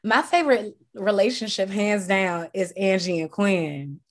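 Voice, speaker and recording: A woman's voice: medium pitch, unhurried. A woman interviewed as an actress, talking casually and reflectively with frequent fillers. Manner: chatty, reflective, many fillers.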